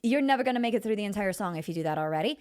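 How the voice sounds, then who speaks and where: A woman vocal coach giving a casual singing lesson, chatty and expressive, thinking aloud as she teaches. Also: medium pitch, rapid-fire.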